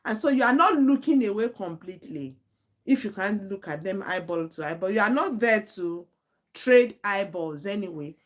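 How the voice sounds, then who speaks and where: A woman's voice: mid-range voice, lively intonation, normal speed. A woman, teaching an IELTS speaking lesson live online in a direct, earnest way, repeating her points for emphasis. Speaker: IELTS tutor.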